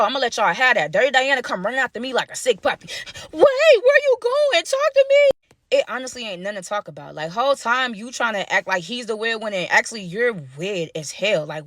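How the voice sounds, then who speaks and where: A fast-talking woman spins a juicy workplace story for her viewers, animated and dramatic. Her voice sits a little high and sounds close and dry, with no room around it. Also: dry recording. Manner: animated, dramatic, slangy, talks to viewers as "y'all". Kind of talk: casual storytime vlog.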